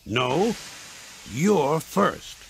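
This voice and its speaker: A man voicing a brisk male railway fireman who talks firmly and plainly. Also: on the high side, sing-song, vocal fry, pitched above the performer's own voice, exaggerated voice, low-quality recording.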